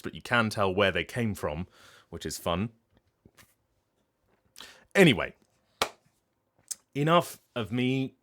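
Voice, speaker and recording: British man, voice actor, low register, loose rambling stream chat. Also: a bit bright. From Britain. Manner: rambling and chatty, with many fillers and restarts. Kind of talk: casual chat to a live stream. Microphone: streaming mic.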